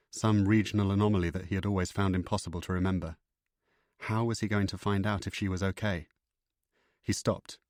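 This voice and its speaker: A deep male voice narrating a thriller audiobook with measured, steady delivery. The recording is close and dry, with no room sound at all. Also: no room sound.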